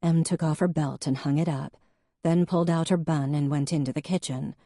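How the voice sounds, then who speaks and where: Low, mellow female audiobook narrator, measured and even, dry close mic. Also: no echo. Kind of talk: scripted narration.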